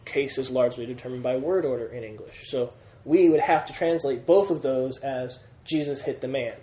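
A man's voice: medium pitch, moderate pace, warm tone. A man teaching a Greek grammar lesson to a class, patient, repeating key points and checking that students follow. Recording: roomy classroom sound.

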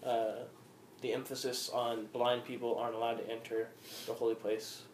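A man's voice: medium pitch, flat delivery, normal speed, a little mellow. A man leading an informal Bible study, reading scripture aloud and then explaining it with questions to the group. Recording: roomy with faint background noise.

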